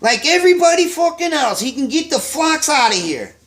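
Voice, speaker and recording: A man's voice: very high voice, sing-song, brisk, fairly bright tone, pitched above the performer's own voice, full character voice. Man doing a screaming German chef. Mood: furious. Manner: screaming profanity, furious. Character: hot-tempered older male German chef, bellowing.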